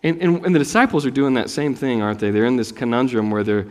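A man from North Carolina preaching a sermon as a pastor, telling stories with swings from loud emphasis to soft asides. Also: medium pitch, quick pace, long reverb tail. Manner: animated storytelling, rising loud for emphasis and dropping soft. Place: church sanctuary.

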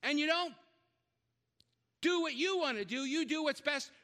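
A middle-aged man preaches to his congregation with an unusually high, bright voice. He is animated, shouting repeated calls to the crowd between joking asides. His voice rings out with a long reverb through a large church hall. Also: normal speed. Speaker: guest preacher. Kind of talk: sermon.

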